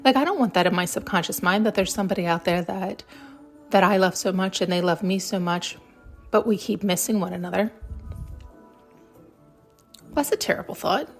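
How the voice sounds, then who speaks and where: A woman's voice: medium pitch, normal speed, long pauses, soft background music. A woman hosting her podcast, shaken and close to tears, rambling emotionally and swearing casually as she reflects. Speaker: podcast host. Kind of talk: intuitive reflection.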